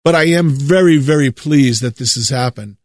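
A man from the United States preaching a monologue, leaning hard on drawn-out stresses and repeating words for effect. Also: medium pitch, no room sound, studio quality.

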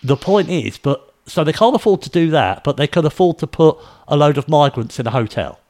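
A man's voice: on the high side, a little fast. An English man hosting a podcast, ranting in a casual, opinionated way. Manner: ranting, opinionated, lively intonation. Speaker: podcast host.

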